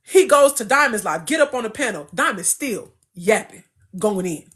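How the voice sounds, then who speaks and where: Young woman spilling drama, high voice, swears a lot, really animated. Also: moderate pace. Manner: animated, profane, emphatic. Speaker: interview guest. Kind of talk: casual storytelling.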